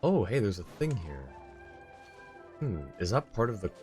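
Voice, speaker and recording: A tired man casually commenting on a video game as he plays, laid-back and thinking out loud, with chuckling asides. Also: lowish voice, big pitch swings, moderate pace, over music. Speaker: streamer.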